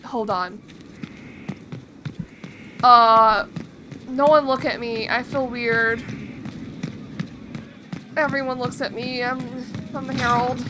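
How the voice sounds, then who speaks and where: A woman streamer giving casual let's-play commentary, excitable and swearing, reacting with gasps. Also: fairly high pitch, a little slow, pauses often, noisy background. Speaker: gaming streamer. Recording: game music in the background.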